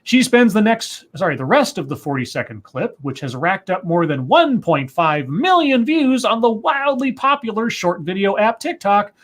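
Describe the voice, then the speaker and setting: A man's voice: high-pitched, big pitch swings, moderate pace, few pauses, fairly bright tone. A man co-hosting a livestream, reading news articles aloud and breaking in with asides and self-corrections. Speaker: co-host.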